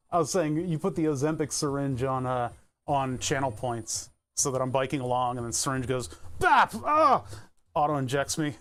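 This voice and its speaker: A man's voice: medium pitch, steady tone, normal speed, long pauses. A man streaming live, chatting casually and thinking aloud as he pedals an exercise bike, laughing often. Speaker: Twitch streamer.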